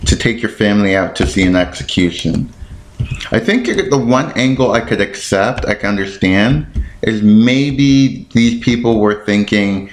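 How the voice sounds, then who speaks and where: Expressive and unhurried, a fairly low-pitched man hosts a casual podcast on his own in an echoey room. He meanders, thinking aloud as he looks things up, and keeps stumbling over words, apologizing with self-deprecation.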